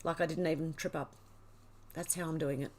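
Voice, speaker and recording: A woman's voice: low-pitched, fairly even intonation, brisk, slight background noise. A woman hosting a livestream, reading viewers' comments aloud while tearful and overwhelmed, laughing through it. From Australia. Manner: emotional, teary and laughing, overwhelmed. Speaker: livestream host. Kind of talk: reading live chat aloud.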